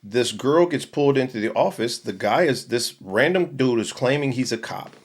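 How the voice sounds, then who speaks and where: A man hosting a podcast, telling a story in casual chat, animated, slangy and profane. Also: medium pitch, normal speed, breathy edge. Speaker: podcast host.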